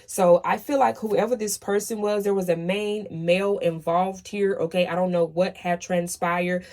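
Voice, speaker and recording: A woman gives a casual tarot reading, speaking emphatically, asking "okay?" after nearly every point and swearing when she gets worked up. Her voice is on the low side and a little mellow, with fairly even intonation at a normal speed.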